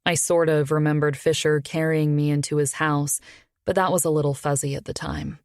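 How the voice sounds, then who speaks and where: A woman narrating a first-person romance audiobook in an intimate, even storytelling manner. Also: low voice, moderate pace, dry recording, clean studio sound.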